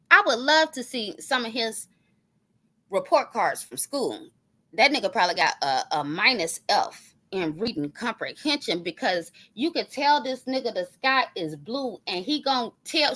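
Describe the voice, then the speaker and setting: A woman's voice: fairly high pitch, pushed and bright. A woman, ranting on her stream in a profane, confrontational, sarcastic way. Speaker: online commentary streamer. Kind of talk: heated ranting callout monologue.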